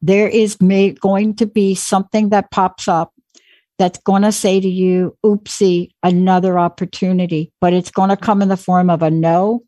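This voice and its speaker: A woman in her forties, a guest speaker telling an animated, motivational story. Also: medium pitch, normal speed, no room sound. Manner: animated, acts out quoted voices.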